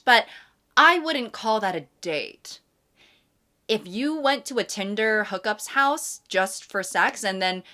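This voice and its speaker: A woman's voice: mid-range voice, bright, forceful tone. A young adult woman hosting a comedic commentary vlog, reading dating messages with sarcastic, exasperated asides. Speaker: YouTube host.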